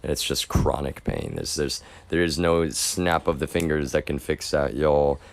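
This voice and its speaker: A man's voice: rumbling low, lively intonation, normal speed, creaky, dry recording. A young man streaming live, venting in an agitated, profane monologue, full of restarts and addressing his viewers as y'all. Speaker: livestreamer. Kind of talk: ranting monologue to a live chat.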